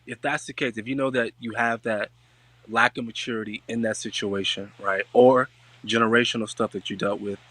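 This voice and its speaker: Male host, AAVE speaker, lively and teasing, bright tone, close dry mic. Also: mid-range voice, moderate pace, no echo. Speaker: podcast host. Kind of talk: casual chat.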